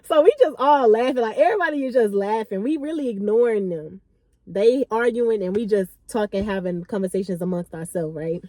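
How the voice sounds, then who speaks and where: A woman in her late twenties, a vlogger, telling a story in a chatty, animated, slangy way. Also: mid-range voice, fairly quick, no room sound, studio quality. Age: late 20s. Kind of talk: casual storytime.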